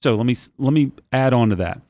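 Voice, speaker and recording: A man's voice: mid-range voice, mellow, no echo. A man co-hosting a business podcast who explains his ideas step by step and acts out the things people say. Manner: explanatory, measured, acts out quotes. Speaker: podcast co-host. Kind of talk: casual business chat.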